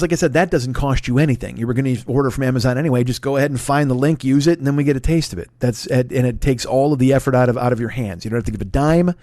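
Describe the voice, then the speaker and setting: Recorded dry on a close mic with no echo, a man in his forties hosts his own podcast, rambling through plugs with profane, self-deprecating asides. It's casual solo talk, and his mid-range voice is a little mellow.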